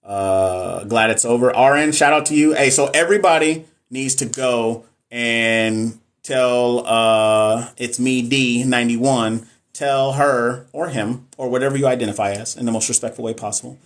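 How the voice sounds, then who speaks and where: A man's voice: mid-range voice, measured pace. A man from Texas, chatting casually and jokingly on a live stream as a nurse educator, reading and answering viewer comments.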